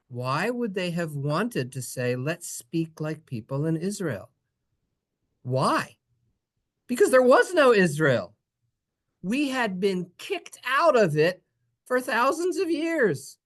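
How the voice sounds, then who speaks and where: A Hebrew teacher leading a playful, sing-song classroom reading lesson and acting out the letter sounds. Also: mid-range voice. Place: synagogue classroom.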